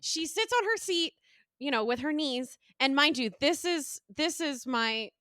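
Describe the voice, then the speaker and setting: A young woman co-hosting a podcast, telling a story in casual chat, animated and swearing freely as she acts out quotes. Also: high-pitched, measured pace, dry recording, clean studio sound. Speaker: podcast co-host.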